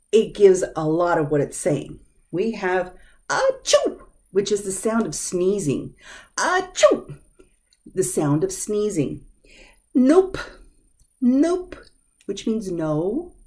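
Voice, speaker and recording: A woman teaches a short grammar lesson, patient and clear, pausing on the odd filler. Her voice sits lowish and mellow, but it leaps high and low whenever she acts out an example word for emphasis. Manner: acts out interjections with lively, exaggerated emphasis; patient explaining with occasional fillers.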